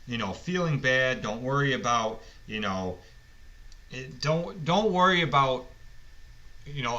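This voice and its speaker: A man's voice: mid-range voice, pushed and bright. A man who runs a lawn care business, telling stories and giving blunt, rambling advice on a casual podcast. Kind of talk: casual storytelling podcast monologue. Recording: muffled lo-fi recording.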